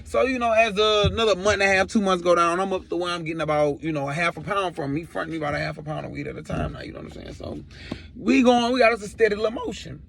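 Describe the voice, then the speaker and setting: A young man telling a story from his past in a slangy, animated way, acting out what other people said. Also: high voice, quick pace, creaky, a little hiss or hum. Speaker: storyteller vlogger.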